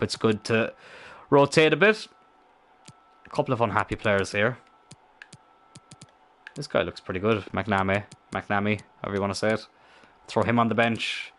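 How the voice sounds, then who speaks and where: A young man with a lowish voice commentates his own football game in a casual let's-play style. He is excitable, thinks out loud and swears freely.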